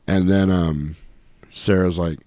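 A man's voice: deep voice, steady tone, slow pace, warm tone, no echo. A man casually retelling a film's plot on a podcast, acting out the characters' lines as he goes. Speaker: podcast host. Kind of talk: casual movie recap chat.

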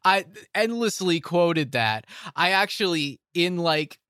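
A man's voice: sits high, lively intonation, slow, bright, forceful tone, clear, resonant tone, no echo, clean studio sound. A young man hosting a casual movie podcast, rambling and laughing often as he talks. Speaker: podcast host.

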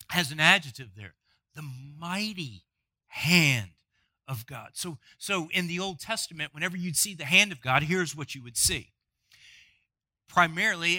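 A man's voice: sits high, sharp tone, no room sound. A man preaching an earnest sermon as pastor, often stammering and repeating words.

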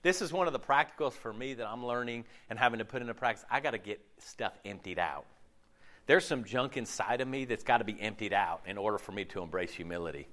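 A man's voice: lowish voice, quick pace, a bit bright. A male pastor preaching a sermon in a casual, joking, slangy way.

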